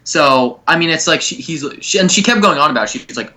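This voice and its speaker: Young male podcast co-host, bright forceful voice, rambling and crude casual storytelling. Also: a little high, very animated, fast talker, few pauses.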